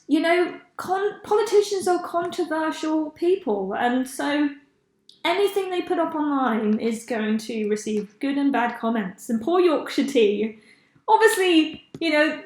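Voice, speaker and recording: Young woman, podcast host, high-pitched and chatty, recorded in an echoey room. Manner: chatty, laughs often, loses track of names. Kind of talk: casual chat.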